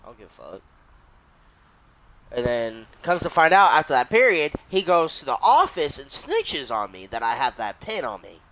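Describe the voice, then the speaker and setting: A man's voice: fairly high pitch, sing-song, normal speed, few pauses, bright, forceful tone. A young adult man casually telling a long story while he streams a game, rambling and swearing, with many restarts.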